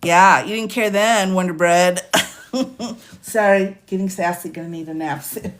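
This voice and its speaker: A woman's voice: lowish voice, unhurried. A woman hosting a casual livestream, talking through a bill with a sassy edge, laughing often and reading legal text aloud. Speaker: livestream host discussing legislation.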